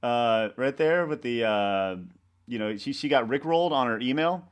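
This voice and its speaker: A man, a website co-founder, talking in a casual interview, rambling and halting with many restarts and fillers. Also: mid-range voice, clean tone. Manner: animated storyteller acting out coworkers' lines.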